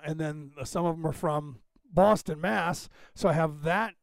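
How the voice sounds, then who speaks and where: Here a male podcast host in his fifties, West Coast General American in accent, chats and rambles on a livestream, thinking aloud while he sorts out the screen. The pitch runs somewhat high and the tone darkish, delivered at normal speed with few pauses, and the recording is dry.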